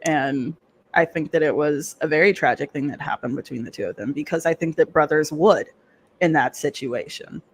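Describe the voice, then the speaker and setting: A man with a notably high voice chats on a livestream. He is animated and blunt and swears freely. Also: moderate pace, slightly rough. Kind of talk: casual livestream chat.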